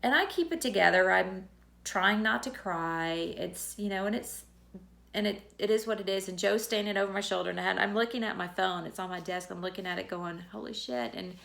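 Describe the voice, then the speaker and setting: A woman's voice: medium pitch, fairly quick, vocal fry, fairly bright tone. Woman telling a personal story. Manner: candid, conversational, retells dialogue. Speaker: teacher.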